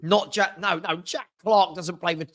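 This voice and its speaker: A man's voice: high-pitched, steady tone, normal speed, a bit bright. A man hosting a live football scores show, chatting casually and teasing his panel with quiz questions.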